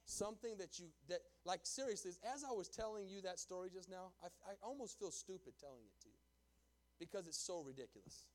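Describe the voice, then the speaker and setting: A male pastor telling a story in a sermon, emphatic and animated, swinging between hushed asides and loud declarations. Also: sits high, a little fast. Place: church sanctuary before a congregation.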